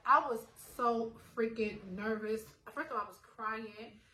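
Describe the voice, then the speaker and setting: A young woman with a slightly high voice tells her own story in a lively, chatty way, sprinkling fillers and acting out what people said. The recording is roomy and echoey. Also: unhurried. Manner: animated, acts out dialogue, lots of fillers. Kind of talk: casual personal storytelling. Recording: roomy echo, faint ambience.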